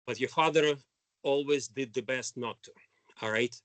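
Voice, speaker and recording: A man, a former student, reminiscing in a halting way with many false starts. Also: mid-range voice, a crowd in the background. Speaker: former student sharing memories. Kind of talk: casual conversation.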